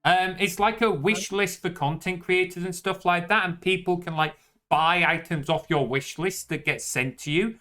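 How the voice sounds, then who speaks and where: Yorkshire lad, twenties, bright higher voice, easygoing swearing streamer chat. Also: male voice, normal speed. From northern England. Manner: laid-back, chatty, swears casually. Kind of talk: casual chat.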